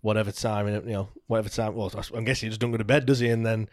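Lad on a footy podcast, keeps asking "innit" and "to be fair", dry close mic. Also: male voice, lowish voice, flat delivery, racing, no room sound. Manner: chatty, tag questions, "to be fair". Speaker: podcast co-host. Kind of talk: casual football chat.

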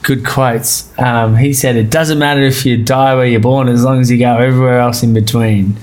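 A man's voice: medium pitch, fairly even intonation, moderate pace, darkish tone. Rambling, laughing Australian man. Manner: rambling, laughs often, swears freely. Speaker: podcast guest. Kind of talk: casual interview chat.

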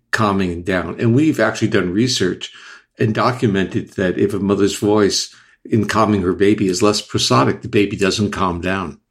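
An older man, a neuroscientist guest, explaining ideas in a measured, lecturing way with frequent restarts. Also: lowish voice. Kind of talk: explanatory interview talk.

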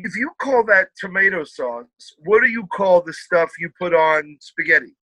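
Bright, animated man telling stories. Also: high-pitched, moderate pace, no room sound, poor audio. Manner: animated storyteller, puts on voices. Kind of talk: casual chat.

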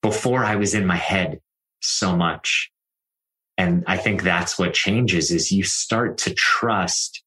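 A man who works as a life coach, talking in a calm, reassuring and reflective way. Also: deep voice, takes it slowly, rough recording. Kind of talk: conversational coaching talk.

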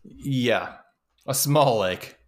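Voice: mid-range voice, drawn-out words. A podcast co-host in casual chat about a film, adding short comments and laughing along. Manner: chimes in with short reactions and laughs. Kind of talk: casual movie recap chat.

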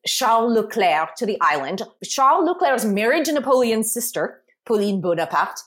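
A woman guest talking through a history topic on a podcast, explaining at length in a lively way with asides. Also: a little high, normal speed.

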